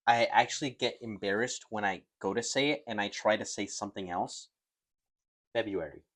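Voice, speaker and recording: A man's voice: lowish voice, normal speed, fairly bright tone. A man co-hosting a podcast, rambling in casual chat, laughing and swearing as he goes. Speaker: podcast co-host.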